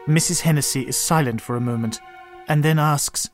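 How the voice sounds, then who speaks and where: A man narrating a comic story with a dry, deadpan delivery. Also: a little high, normal speed, soft background music.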